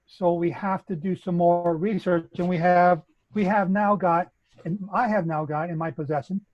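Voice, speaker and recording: A man's voice: high-pitched, steady tone, normal speed, lo-fi sound. A man with a Canadian accent, methodically explaining a bible chronology as a guest speaker. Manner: methodical, lecturing.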